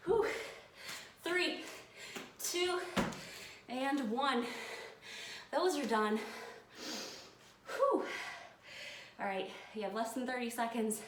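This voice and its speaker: A breathless woman coaching a workout, panting between cues and counting down to keep people going. Her voice sits a little high and comes from some distance, in an echoey room with clear noise behind her. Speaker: fitness instructor. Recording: echoey room from far off, noisy.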